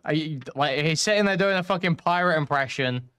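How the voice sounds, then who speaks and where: A man's voice: a little high, fairly quick, a bit bright, clear, resonant tone. A man reacting to a stream clip in casual commentary, laughing and swearing freely.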